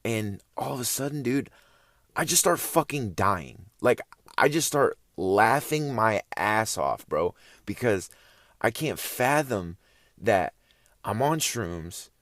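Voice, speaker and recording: Chill young guy rambling through a story, lowish voice, dry close sound. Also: animated, slow pace, fairly bright tone, dry recording. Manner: laid-back slangy, loose and rambling. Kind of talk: casual storytelling to camera.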